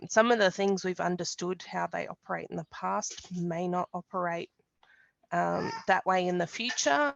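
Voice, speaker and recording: A woman's voice: on the low side, gravelly, no echo. Woman presenting a climate webinar. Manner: explanatory, measured, frequent ums and restarts. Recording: dull lo-fi webinar audio.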